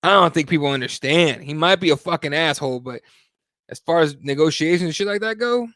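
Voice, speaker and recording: A man's voice: a little high, animated, a little fast, fairly bright tone, no room sound, studio quality. A man hosting a live talk show, rambling and swearing a lot in a heated, casual chat. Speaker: host.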